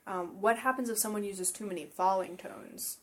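A woman's voice: medium pitch, animated, normal speed, fairly bright tone. Agreeable woman co-teaching. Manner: agreeable, asks guiding questions. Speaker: English teacher, co-host. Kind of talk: casual teaching chat.

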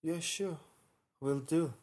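Mongolian-accented man in halting English. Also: a little high, darkish tone. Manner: halting, drops small words. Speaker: interview guest. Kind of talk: casual interview answers.

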